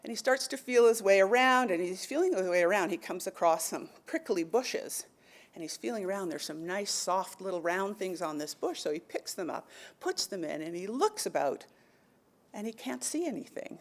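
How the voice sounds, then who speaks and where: A woman's voice: medium pitch, animated, moderate pace. A woman speaker on an education panel, telling a traditional story with animation, then talking thoughtfully with many fillers. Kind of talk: oral storytelling and panel talk.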